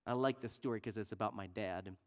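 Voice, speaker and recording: A man preaching a sermon earnestly, dropping to near-quiet and rising loud for emphasis. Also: lowish voice, fast talker.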